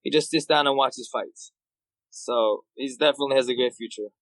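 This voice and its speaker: A man's voice: mid-range voice, fairly quick, no echo, low-quality recording. A man from Turkey, a fighter guest on a casual podcast, sharing eager opinions on politics and on fighters. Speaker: guest, mixed martial arts fighter. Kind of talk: casual chat.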